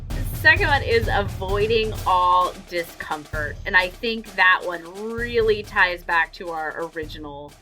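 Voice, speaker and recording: Bright-toned woman, reflective podcast co-host. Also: fairly low pitch, expressive, unhurried, soft background music. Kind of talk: casual podcast chat.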